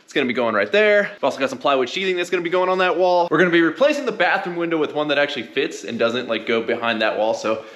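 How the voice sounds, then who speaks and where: A man's voice: on the high side, expressive, fast talker, hardly any pauses, a bit bright. A man from California chatting casually through a DIY renovation vlog on a work site, upbeat and rambling with lots of fillers. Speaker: vlogger renovating a guest house. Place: construction site indoors and outdoors.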